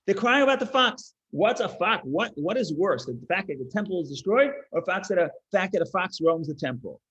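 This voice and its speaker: A man teaching a text-study class, explaining with animated emphasis, often restarting phrases and trailing off quietly. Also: high voice, a little fast, highs cut off. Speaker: Torah teacher.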